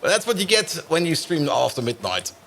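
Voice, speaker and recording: A man with a fairly high, bright, forward voice, talking through a live game stream. His pitch swings widely as he chats with viewers, and he laughs easily between remarks. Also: big pitch swings, brisk, vocal fry, a little hiss or hum. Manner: chatty, laughs often, greets chat.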